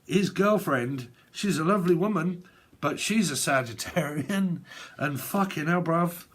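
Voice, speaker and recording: Rambling, sweary tarot reader. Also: male voice, a little high, a little slow, fairly bright tone, slight background noise. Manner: rambling, sweary, laughs often. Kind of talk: casual tarot reading monologue.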